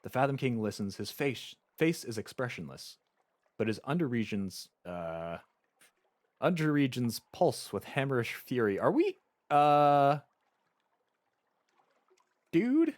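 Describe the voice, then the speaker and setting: A man's voice: medium pitch, lively intonation, normal speed, dry recording. A man streaming a game live, reading its story text aloud and chatting casually with frequent stammered restarts.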